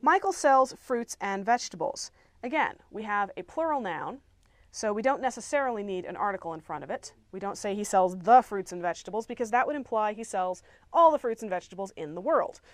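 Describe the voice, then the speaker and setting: A woman teaches an English grammar lesson, walking through examples clearly and patiently. She slips in playful asides, and her pitch sits at an ordinary middle level. The recording is dry and close, with no room sound. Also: no echo.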